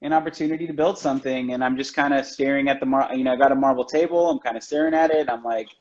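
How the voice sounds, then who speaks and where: A man's voice: medium pitch, steady tone, fast. Chatty man on a muffled livestream. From United States. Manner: chatty, loose, heavy on "like" and "you know". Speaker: chocolatier guest. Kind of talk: casual storytelling chat. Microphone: video call from home. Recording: dull lo-fi livestream audio.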